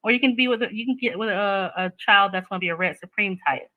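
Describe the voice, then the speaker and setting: A woman hosting a casual chat, talking in an animated, joking way. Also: mid-range voice, quick pace, dry recording, phone-quality sound. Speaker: host.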